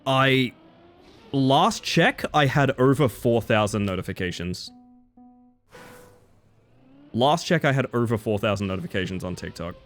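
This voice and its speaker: A man's voice: mid-range voice, animated, a little slow, pauses often, a bit bright, soft background music. An Australian man chatting casually and swearing while streaming a game. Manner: chatty, swears, chants silly words while playing. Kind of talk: casual live-stream gaming commentary.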